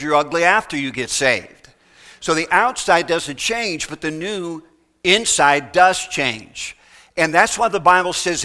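A man preaching a sermon, leaning on folksy illustrations and emphatic pauses. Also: a little high, pushed and bright.

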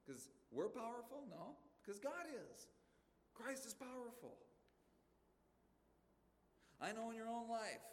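A man's voice: mid-range voice, slight background noise. Emphatic preaching man in a reverberant hall. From western United States. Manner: emphatic, conversational preaching with rhetorical questions. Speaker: pastor. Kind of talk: sermon. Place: church sanctuary. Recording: long reverb of a large hall.

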